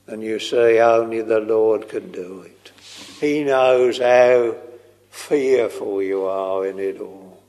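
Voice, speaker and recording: A man preaching a slow, earnest sermon, tender and pleading as he quotes hymns. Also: fairly low pitch, darkish tone. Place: church. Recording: long reverb of a large hall.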